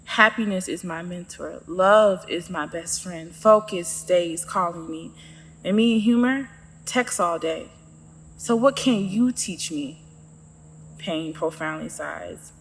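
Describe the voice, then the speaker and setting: A woman's voice: fairly low pitch, slow pace, long reverb tail, slight background noise. A woman narrating her own story in the first person, with a sassy, sarcastic manner.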